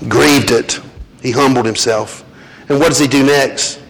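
A man's voice: mid-range voice, steady tone, a little slow, gravelly, a bit bright. A man preaching a sermon in a church as pastor, earnest, with rhetorical questions and repeated words. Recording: long reverb, faint noise.

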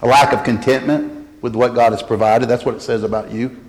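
A male pastor delivering a sermon, earnest, sinking low and quiet to press a point and climbing high when quoting. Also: fairly even intonation, a little fast. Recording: long hall reverb.

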